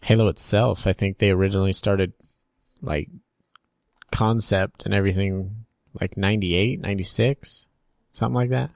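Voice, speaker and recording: A man's voice: on the low side, steady tone, moderate pace, creaky, no room sound, clean studio sound. A man co-hosting a casual podcast, joking around and tossing in wisecracks. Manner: joking, laughs a lot, wisecracks. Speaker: podcast co-host.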